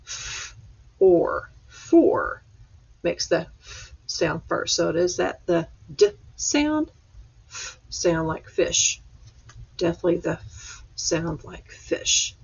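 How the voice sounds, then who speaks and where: Slow, gravelly woman teaching phonics. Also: lowish voice. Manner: slow, sounding out letters with rising excitement. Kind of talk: phonics lesson for young children. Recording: dull lo-fi sound.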